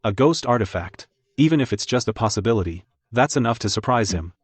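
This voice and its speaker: A man reading scripted narration for an animated drama dub in a measured storytelling manner. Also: mid-range voice, slightly rough, no echo.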